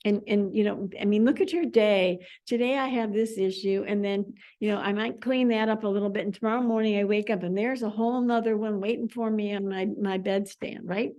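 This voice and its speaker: A woman leading a spiritual study class, talking in an animated way and repeating words as sound effects. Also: medium pitch, a little fast, few pauses. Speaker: class leader.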